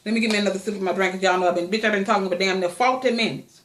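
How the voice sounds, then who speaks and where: A woman's voice: medium pitch, racing, fairly bright tone, a little hiss or hum. A woman vlogging in a casual chat, blunt and profane, rambling and long-winded. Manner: profane, blunt gossip commentary. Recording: echoey room.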